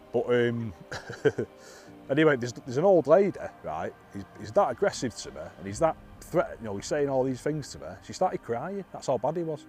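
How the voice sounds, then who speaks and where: A man's voice: mid-range voice, sing-song, normal speed, darkish tone, faint music behind. A man, a bus driver, telling a story casually, laughing often and restarting his sentences in a self-deprecating way.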